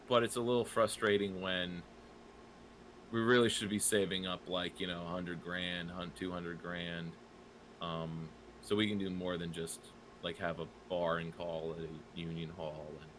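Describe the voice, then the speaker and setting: A man's voice: low voice, level tone, normal speed, fairly bright tone, slight background noise, low-quality recording. A man talking casually on a podcast, hesitant, with many fillers and restarts. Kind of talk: casual political podcast chat.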